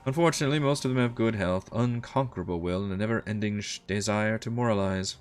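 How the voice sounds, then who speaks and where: A man's voice: fairly low pitch, fast talker, clear, resonant tone, natural voice. A sneering noble, as a man reads him aloud. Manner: sneering, mocking.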